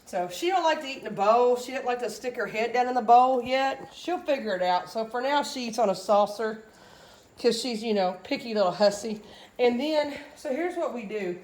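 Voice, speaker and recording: A woman's voice: animated, normal speed, a little mellow, echoey room. A woman, a dog breeder chatting casually in a home vlog as she feeds and trains her puppies. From US Gulf Coast. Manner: chatty, switches to high baby talk for the puppies.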